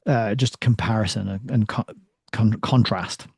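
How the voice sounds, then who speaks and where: A man's voice: on the low side, steady tone, a little slow, vocal fry, husky, dry recording, studio quality. A man hosting a casual book discussion, reading quotes aloud and chuckling between them. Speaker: podcast host.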